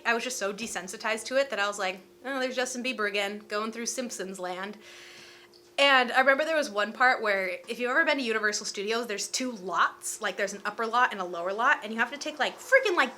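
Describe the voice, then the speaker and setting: Young woman, storytime vlog, chatty and animated, bright crisp voice, slightly high. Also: slight background noise. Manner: chatty, animated, lots of fillers. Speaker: storytime vlogger.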